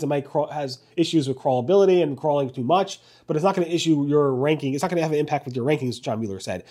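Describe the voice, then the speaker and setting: A man hosting a weekly search news video recap, talking rapidly with frequent ums and self-corrections. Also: on the high side, mellow. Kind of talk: fast solo news recap to camera.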